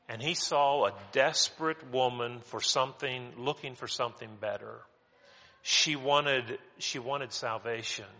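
A male pastor preaching a sermon in a church, emphatic and animated, repeating words as he builds his points. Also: mid-range voice. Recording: long hall reverb.

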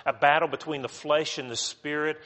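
A man's voice: fairly high pitch, steady tone, brisk, pushed and bright. Conversational preacher man from West Virginia. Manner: conversational, many restarts and asides. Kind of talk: Bible study sermon. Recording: long hall reverb.

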